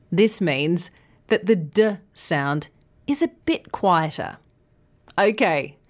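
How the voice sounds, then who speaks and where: Slow, lively woman pronunciation teacher. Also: lowish voice. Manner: slow, clear, careful articulation. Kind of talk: scripted podcast lesson.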